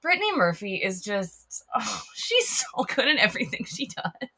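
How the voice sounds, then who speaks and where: A woman's voice: mid-range voice, big pitch swings, normal speed, pushed and bright, slightly rough. A young woman hosting a casual film podcast, chatty and giggly, with lots of "like" fillers. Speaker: podcast host.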